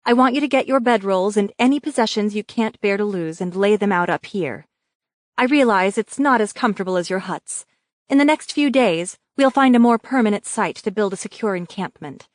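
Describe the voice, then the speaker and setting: A woman voicing a calm, commanding young woman who speaks reassuringly to her villagers. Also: medium pitch, moderate pace, no echo, clean studio sound, lightly acted. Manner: steady, reassuring, authoritative.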